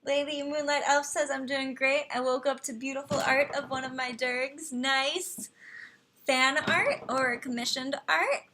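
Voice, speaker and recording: A young woman hosts a casual live stream in a high-pitched voice. Her tone is bright and lively, and she chats easily as she reads out game profiles and viewer messages. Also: unhurried, slight background noise. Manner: chatty, reads viewer chat and profiles aloud, talks to her computer. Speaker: livestream host reviewing game profiles.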